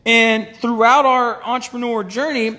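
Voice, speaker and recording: A man telling a casual faith story about starting a small business, animated and full of restarts as he acts out past conversations. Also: very high-pitched, a little slow, big-room sound.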